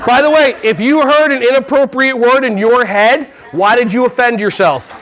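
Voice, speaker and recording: A man from New Jersey giving a playful, animated keynote on early childhood classroom management to a conference crowd. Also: extremely high pitch, normal speed, slight background noise. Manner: playful and animated, breaking into silly voices and songs. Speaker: early childhood education trainer. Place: large conference hall.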